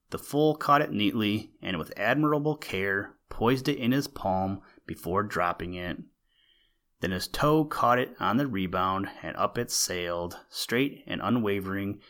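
A man narrating an old-fashioned school story in a steady, expressive reading. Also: lowish voice.

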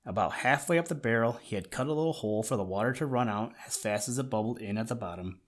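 A man reads a children's story aloud in a gentle, measured way. His voice sits at an ordinary middle pitch for a man. The delivery is calm and even. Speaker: narrator. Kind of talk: storybook reading.

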